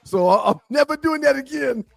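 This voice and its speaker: A man co-hosting a casual sports talk show, chiming in with quick agreement and stumbling restarts. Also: extremely high pitch, animated, vocal fry, no room sound, faint music behind.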